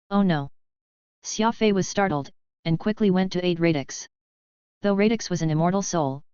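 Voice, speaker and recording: A woman reading a novel aloud as an audiobook narrator, in a steady read-aloud delivery. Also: on the low side, clean tone, dry recording, highs cut off. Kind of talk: scripted narration.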